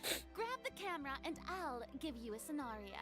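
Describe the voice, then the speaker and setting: A woman's voice: high voice, sing-song, fast talker, over music. A woman voicing a demanding female film director in a game, formal and exacting.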